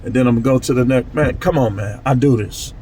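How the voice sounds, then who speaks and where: A man's voice: mid-range voice, a little fast, background noise. A man talking casually to his channel in a loose, repetitive street-talk way. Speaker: channel host. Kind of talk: casual monologue vlog.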